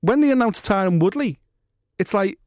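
A man's voice: high voice, expressive, normal speed, a little mellow, no room sound. Ranting man, dry close mic. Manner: blunt, swears freely, rants with mock quotes. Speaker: podcast co-host. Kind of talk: casual sports chat.

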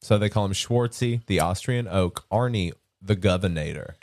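A man co-hosting a podcast, teasing his co-host with deadpan jokes and swearing. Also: deep voice, normal speed. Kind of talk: casual chat.

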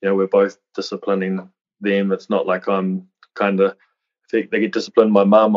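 A man in his thirties talks earnestly as a podcast guest, often restarting phrases. His voice sits low and stays level. The recording sounds dull and lo-fi. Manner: earnest, many restarts and "you know" fillers. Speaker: podcast guest, retired rugby player. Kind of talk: reflective interview talk. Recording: dull lo-fi audio.

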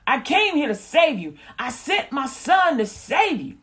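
A woman's voice: high-pitched, big pitch swings, a little slow, fairly bright tone, faint music behind, pitched above the performer's own voice, heavily acted. A woman voicing God as a male deity who urges people to believe, talking in slang with a raised voice. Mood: urgent.

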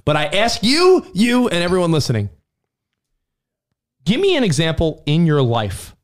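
A man's voice: a little high, huge pitch swings, normal speed. A man co-hosting a podcast, chatting casually and riffing with jokes. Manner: jokey, riffs with silly put-on voices. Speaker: podcast co-host.

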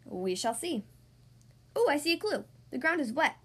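Brief: a calm, deliberate male detective for a kids' storybook, read by a woman, low and unhurried. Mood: thoughtful. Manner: low, slow and thoughtful.

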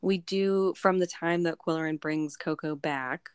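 A woman with a notably low-pitched voice talks through a novel's plot in loose, rambling chat, stacking "like" and "um" as she goes. Her speech is recorded close and dry, with no room sound around it. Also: measured pace, smooth, dry recording. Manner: rambling, animated retelling with filler words. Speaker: book club podcast co-host. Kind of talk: casual chat recapping a novel.

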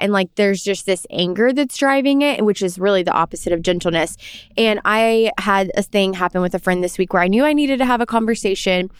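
A woman's voice: on the low side, fairly quick, clear, resonant tone, dry recording, clean studio sound. A young woman co-hosting a casual faith podcast, telling reflective personal stories. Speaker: podcast co-host.

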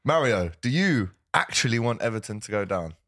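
A man's voice: lowish voice, moderate pace, dry recording, studio quality. A man hosting a casual football chat, telling stories and putting on other people's voices as he goes. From Liverpool. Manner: animated, does voices when retelling stories. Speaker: host.

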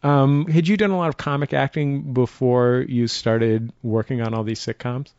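A man hosting a radio interview show, asking measured, thoughtful questions and introducing his guest. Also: mid-range voice, fairly even intonation, a little mellow, no room sound. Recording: dry, slightly muffled studio audio.

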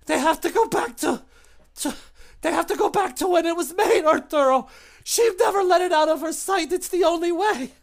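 A game master voicing a pleading, skinless woman kept alive as a mass of flesh in a box, with a high, strained, broken voice. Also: animated, moderate pace. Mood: frantic.

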